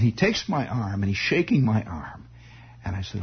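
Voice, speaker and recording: A man telling a personal story in a halting, rambling way, full of restarts and asides. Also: lowish voice, sing-song, slight background noise. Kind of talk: spoken storytelling monologue. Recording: dull lo-fi old recording.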